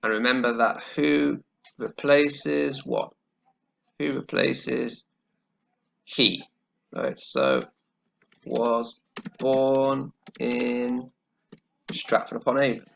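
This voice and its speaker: A man teaching English grammar, explaining slowly and carefully and checking in with "okay" as he goes. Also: mid-range voice, animated, creaky, fairly bright tone. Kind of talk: grammar lesson while writing on screen. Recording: dull lo-fi recording.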